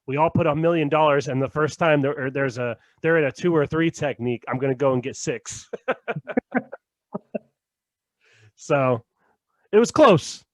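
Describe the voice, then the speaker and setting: A man co-hosting a podcast in casual chat, loose and profane, laughing often and trailing off quietly at the ends of thoughts. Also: on the high side, lively intonation, measured pace, long pauses, no echo. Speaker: podcast co-host.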